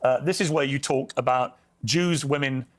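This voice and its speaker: A man's voice: mid-range voice, normal speed. A male interviewer pressing his guest with pointed questions.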